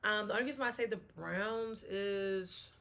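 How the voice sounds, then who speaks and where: A woman's voice: medium pitch, moderate pace, fairly bright tone. A woman hosting a casual solo sports talk show, chatting and thinking aloud, often restarting her sentences.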